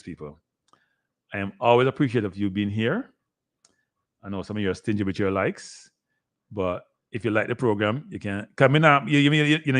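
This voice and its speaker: A man's voice: on the low side, no room sound. A middle-aged man with a Jamaican accent, hosting a live sports show in a chatty, repetitive way and talking straight to his viewers. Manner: chatty, repeats himself, talks straight to viewers. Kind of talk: casual live-stream commentary.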